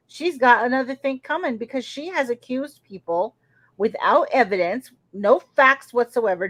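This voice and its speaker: A woman co-hosting a casual livestream, speaking in a measured, critical way and greeting viewers. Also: on the high side, no echo.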